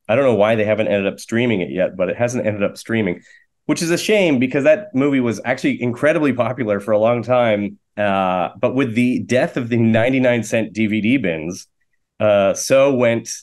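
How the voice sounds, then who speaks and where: Canadian guy in his 40s telling rambly self-deprecating jokes, lowish voice. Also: a little mellow. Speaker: guest, actor and comedian. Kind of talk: casual interview chat.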